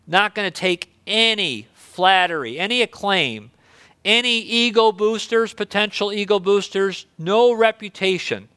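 Bright, clear-voiced male preacher. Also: sits high, animated, moderate pace, no echo. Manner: conversational, earnest preaching. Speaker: pastor. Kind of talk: sermon.

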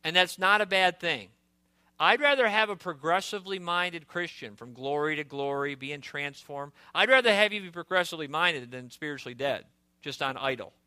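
A man preaching a sermon in an earnest, conversational way, asking rhetorical questions of a congregation in a warm indoor hall. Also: on the high side, animated, moderate pace, clean tone.

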